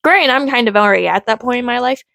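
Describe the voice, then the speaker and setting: A woman with a fairly high voice rants casually to her vlog camera. She rambles and swears freely, dropping to low mutters and then rising into loud, exasperated outbursts. The sound is dry and close, with no room echo. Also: lively intonation, quick pace, creaky. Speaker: vlogger.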